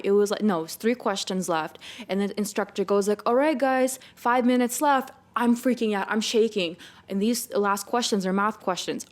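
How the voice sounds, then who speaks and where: Young woman telling an animated faith story. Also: mid-range voice. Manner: animated storytelling with quoted inner dialogue. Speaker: podcast guest. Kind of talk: casual faith testimony.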